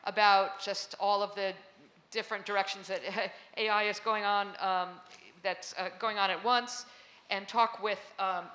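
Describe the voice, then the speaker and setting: A woman hosts a conference panel, her voice crisp and bright at a mid pitch. She talks in a chatty way, full of ums and restarts, as she introduces the guests to a live audience in a hall. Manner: chatty, filler-heavy introductions. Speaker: panel moderator.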